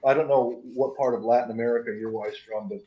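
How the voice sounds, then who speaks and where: A man's voice: medium pitch, steady tone, quick pace. A man chatting casually on a livestream, telling stories in a stop-start, rambling way. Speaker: livestream guest. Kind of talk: casual chat. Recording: dull lo-fi audio.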